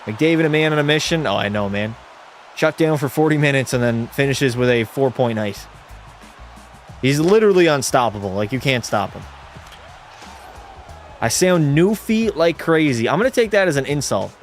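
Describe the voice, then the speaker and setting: A man's voice: medium pitch, expressive, normal speed, pauses often, faint music behind. A young man hosting a live hockey watch party, calling plays and bantering bluntly with his chat. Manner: blunt, chatty, reacts to chat with jokey banter. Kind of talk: casual live-stream chat and play-by-play.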